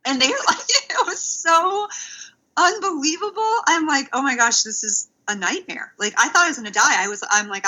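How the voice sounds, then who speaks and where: A woman's voice: high voice, moderate pace, rough recording. A woman hosting a teacher podcast, chatting expressively and laughing through her stories. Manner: expressive, laughing while telling a story. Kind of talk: casual chat.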